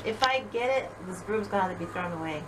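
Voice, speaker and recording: A woman's voice: on the low side, animated, fast talker. A woman vlogging at home, panicky and exclamatory, repeating herself while searching a storage room. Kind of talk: casual home vlog. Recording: noisy home video.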